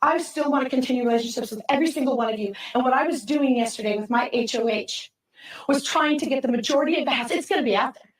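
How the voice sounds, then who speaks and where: A woman's voice: high-pitched, fast. A middle-aged woman speaking in a heated, rambling, apologetic way to housemates, recorded from a distance. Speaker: reality show contestant. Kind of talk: emotional speech to housemates. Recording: roomy sound from off-mic.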